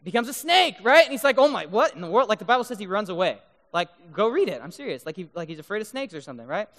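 A man giving a lively sermon to a live crowd, joking and keeps checking in with the crowd by asking "right?". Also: high voice, rapid-fire. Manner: mock-incredulous joking. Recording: long reverb of a big hall.

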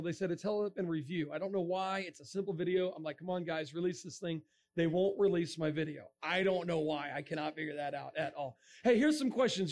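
A man giving a jokey, animated talk to an audience, breaking into sudden shouts. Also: sits high. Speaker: speaker. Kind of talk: comic science-and-faith talk to a crowd.

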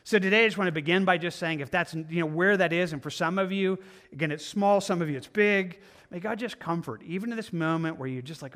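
Earnest preaching man, higher voice. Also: quick pace, fairly bright tone. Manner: earnest, conversational preaching with acted-out inner voices. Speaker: pastor. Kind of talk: sermon.

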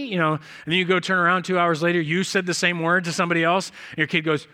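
A man preaching a sermon as a pastor, in a conversational, storytelling way with quick acted-out bits of dialogue. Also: high voice, little pitch movement, bright, forceful tone. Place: church.

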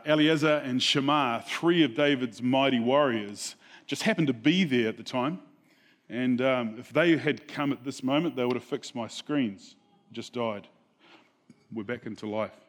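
Chatty New man preaching. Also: mid-range voice. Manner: conversational storytelling, asks the audience questions. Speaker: pastor. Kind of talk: sermon.

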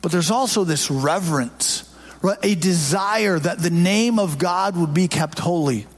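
Male pastor, high-pitched voice, conversational sermon, handheld mic in church. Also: measured pace. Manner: conversational, jokes with the congregation. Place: church sanctuary before a congregation. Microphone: handheld microphone.

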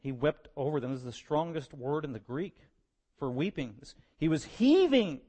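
A man preaching a sermon, moving between quiet verse-by-verse teaching and loud, impassioned stretches. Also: medium pitch, normal speed.

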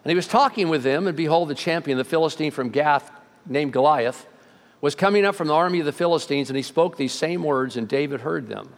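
Male preacher, animated storyteller, slightly high voice, reverberant hall sound. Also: fairly quick. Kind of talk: sermon.

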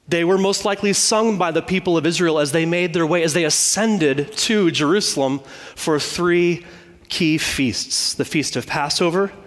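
Male pastor, slightly high voice, measured sermon delivery with repeated phrases, long church reverb.

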